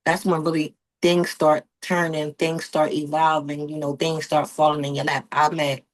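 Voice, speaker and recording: Animated Delaware woman telling stories. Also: deep voice, normal speed. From Wilmington, Delaware. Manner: animated storytelling, slangy, rising emphasis. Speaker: guest, model and confidence coach. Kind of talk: casual interview chat.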